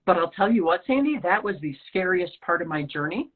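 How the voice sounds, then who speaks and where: On a lo-fi, phone-like line, a podcast guest, a woman from the Rocky Mountain part of the US, shares a personal story in conversation and brings its quoted lines to life. She talks briskly in a lowish voice.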